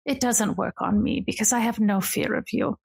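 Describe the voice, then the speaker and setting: A woman's voice: on the high side, normal speed, creaky, slightly rough, pitched above the performer's own voice. A woman voicing a regal fae noblewoman who teases her brother in a languid, purring way. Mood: teasing. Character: regal teasing fae noblewoman, sister of a god.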